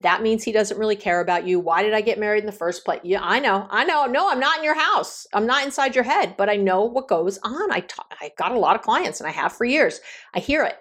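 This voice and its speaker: Brief: middle-aged woman, relationship coach, podcast monologue, emphatic and direct, pitch jumping up for emphasis. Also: fairly quick. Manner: emphatic, direct and encouraging, with lively pitch jumps.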